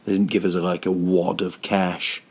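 Gravelly, low man rambling. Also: level tone, moderate pace. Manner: hesitant, many ums, dry self-mocking humour. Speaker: touring comedian. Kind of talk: casual rambling monologue. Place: at home, sitting indoors.

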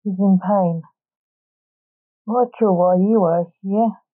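A woman's voice: mid-range voice, steady tone, slow pace, phone-quality sound. Woman reading a grumpy male nurse. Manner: shouting, grumpy.

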